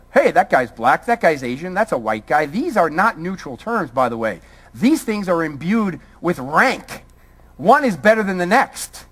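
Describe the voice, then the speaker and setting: A man's voice: high-pitched, fairly bright tone. A man from Brooklyn giving a college lecture, firing a string of rhetorical questions at the audience. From Brooklyn, New York. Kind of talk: public lecture.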